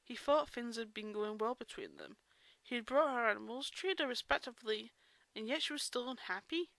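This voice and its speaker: A woman's voice: fairly high pitch, sing-song, moderate pace, gravelly, fairly bright tone, dry recording. A woman reading a story aloud in a casual way, breaking off for chatty asides and correcting herself. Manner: chatty asides, self-interrupting. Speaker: reader of fan fiction.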